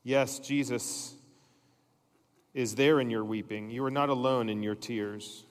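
A middle-aged male pastor preaching a sermon in a church, telling stories and dropping his voice to soft, slow emphasis. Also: medium pitch, steady tone, long reverb tail. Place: church sanctuary.

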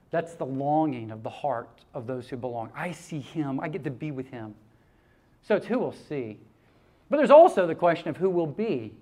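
A pastor delivers a sermon in a somewhat high-pitched male voice. He tells stories with animation, laughing now and then and acting out quotes. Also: animated, normal speed, mellow.

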